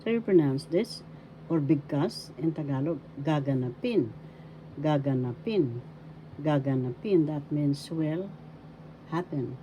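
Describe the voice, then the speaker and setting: A woman teaches pronunciation in a low, mellow voice, taking her time. She is deliberate, breaking each word into its syllables and saying it several times. A faint background noise sits under her voice. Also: rough recording. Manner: deliberate, spells words out syllable by syllable and repeats them. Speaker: language teacher. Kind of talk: slow pronunciation lesson.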